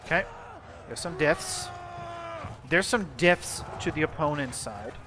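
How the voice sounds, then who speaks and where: A young gaming channel host gives laid-back commentary on his gameplay in a somewhat high, unhurried voice. He curses now and then and trails off mid-sentence, with steady background noise in the recording.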